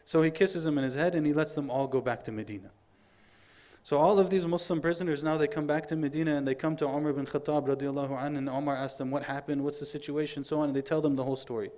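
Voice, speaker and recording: A middle-aged man giving a Friday sermon, telling stories in an animated way, acting out the dialogue and reciting quotations quickly. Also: fairly high pitch. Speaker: preacher.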